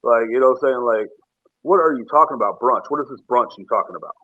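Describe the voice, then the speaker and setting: Dude ranting fast on his podcast, cussing and joking around, tinny phone-line audio. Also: mid-range voice. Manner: profane, joking, rambling rant. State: drinking bourbon while talking. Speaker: podcast host. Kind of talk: casual ranting monologue.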